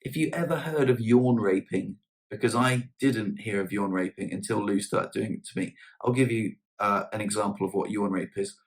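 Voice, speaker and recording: Brief: male vlogger with a lowish voice, relaxed and chatty, slangy, self-deprecating. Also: normal speed. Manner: chatty, slangy storytelling with self-mocking humour. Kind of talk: casual chat to camera.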